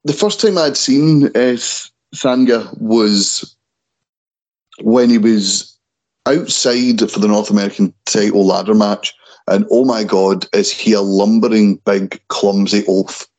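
A man's voice: on the low side, unhurried, a little mellow, low-quality recording. A man co-hosting a wrestling chat show in a casual way, often stumbling and restarting over names. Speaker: wrestling podcast co-host.

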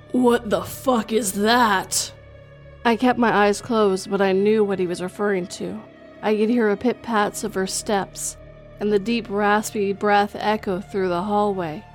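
A woman reads a first-person horror story at a medium pitch and an even pace. Her narration is scripted and steady. Faint music plays underneath.

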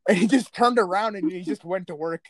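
On a casual podcast, a young co-host with a high voice talks fairly quickly, swearing a lot as he tells blunt stories. The recording is dry.

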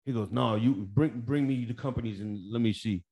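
New man, mid-pitch, casual podcast storyteller, salty and animated. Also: normal speed. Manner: profane, animated, acts out dialogue. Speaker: podcast co-host.

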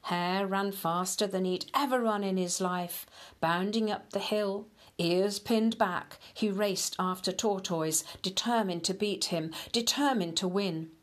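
A woman reading a children's story aloud in a gentle, unhurried way, talking to the children directly. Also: mid-range voice.

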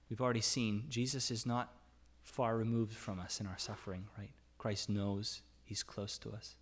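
A man's voice: on the low side, steady tone, moderate pace, few pauses. A man preaching a sermon in a conversational way, reading scripture aloud and asking questions of his listeners. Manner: reads scripture aloud, rising to emphatic cries. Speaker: pastor.

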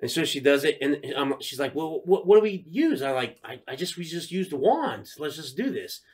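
This thirtysomething podcast co-host, with a slightly high voice at a moderate pace, recounts a story laced with profanity. The chat is casual and animated, and he acts out what people said.

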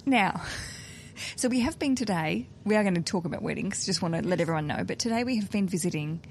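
A woman hosting a casual podcast, with a brisk, cheeky, joking way of talking. She records on a train that is standing still, with a faint low rumble in the background. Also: animated. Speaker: podcast host. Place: on a stationary train.

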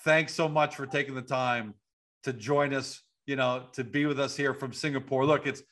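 A man's voice: mid-range voice, steady tone, moderate pace, a bit bright. A man hosting an interview over a video call, upbeat and rambling with restarts. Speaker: interview host. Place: home at night.

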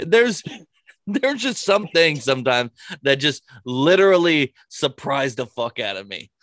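Animated, laughing man in casual chat. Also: fairly high pitch, slow, no echo. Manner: animated storytelling with frequent laughter and swearing.

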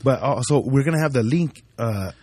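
A man's voice: medium pitch, animated, moderate pace, a little mellow, breathy edge, no room sound. A man with a mid-range voice hosts a casual podcast in a slangy, chatty way, swearing freely. The recording is dry and close, as in a small studio. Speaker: podcast host. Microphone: studio microphone.

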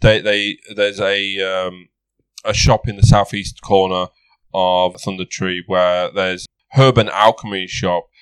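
A man running a tabletop game as game master, narrating in halting bursts full of restarts and fillers. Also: low-pitched, little pitch movement, clear, resonant tone, no room sound.

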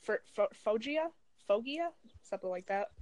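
Blunt, joking high-voiced young woman. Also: expressive, moderate pace, a crowd in the background, poor audio. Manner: blunt, joking, slangy advice. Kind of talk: casual chat among friends.

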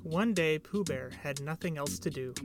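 A man narrating a storybook aloud in an expressive, lilting reading. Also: a little high, normal speed, music in the background. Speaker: reader.

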